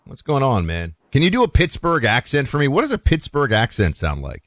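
A man hosting a talk radio show, chatting casually with callers and giving his opinions in a relaxed, conversational way. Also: mid-range voice, brisk, no echo, studio quality. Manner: relaxed, opinionated, takes calls.

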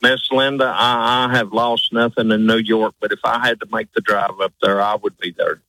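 A man's voice: fairly low pitch, level tone, moderate pace, bright, forceful tone, no echo, rough recording. A man with a rural Southern US accent calling a radio show, polite and stammering a little as he starts. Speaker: caller, truck driver.

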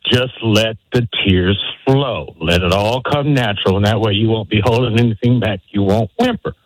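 A man's voice: lowish voice, normal speed, dry recording, low-quality recording. A middle-aged man calling in to a radio show, friendly and folksy as he hands out advice. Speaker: radio caller. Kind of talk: phoned-in advice.

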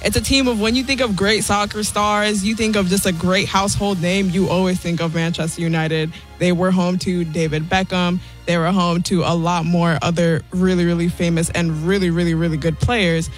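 A woman's voice: lowish voice, fairly even intonation, moderate pace, few pauses, faint music behind. A woman on a sports radio show, chatting casually and playfully with a giggly manner. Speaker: show team member giving soccer picks.

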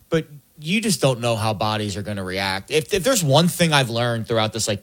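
A man co-hosts a sports talk show at a middle pitch. He rambles and hesitates, reaching for homely comparisons to make his point. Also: a bit bright. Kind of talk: casual sports chat.

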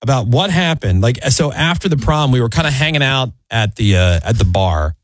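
A man hosting a casual podcast chat, relaxed and rambling, with restarts. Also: mid-range voice, moderate pace, no room sound. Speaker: podcast host.

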